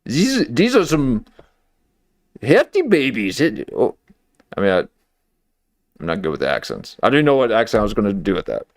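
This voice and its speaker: A man's voice: fairly low pitch, huge pitch swings, fairly quick, pauses often, dry recording, clean studio sound. A man hosting a comedy commentary livestream, talking in a wry, rambling way with lots of fillers and restarts.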